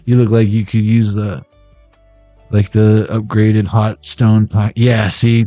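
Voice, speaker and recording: A man's voice: lowish voice, level tone, takes it slowly, dark tone, dry recording, faint music behind. Profane, joking male tarot reader. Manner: profane, joking, rambling, laughs at own jokes. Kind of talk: casual tarot reading vlog.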